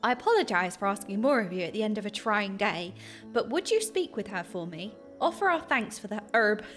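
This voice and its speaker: A woman's voice: mid-range voice, very animated, fairly quick, a bit bright, soft background music. A British woman reading out a polite game quest-giver's lines in a formal tone, close to her own voice. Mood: earnest. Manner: polite, formal read-out dialogue.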